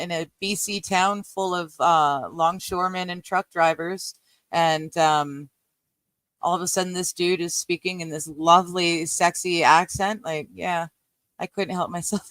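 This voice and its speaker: A middle-aged woman from Canada chatting casually with her live-stream viewers before reading aloud. She rambles, laughs often and fills pauses with lots of ums. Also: lowish voice, fairly bright tone, no echo.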